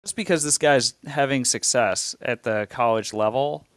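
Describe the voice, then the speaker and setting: A man on a podcast as a guest, making a measured point in casual sports chat. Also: medium pitch, smooth, dry recording.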